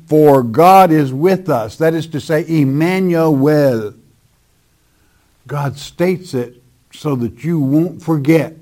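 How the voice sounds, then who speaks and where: A male preacher delivering a sermon at a slow, deliberate pace. His voice is mellow and dark, and he drawls out the words he wants to land. He repeats key phrases and calls his listeners friend. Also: mid-range voice. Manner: drawls slowly on stressed words.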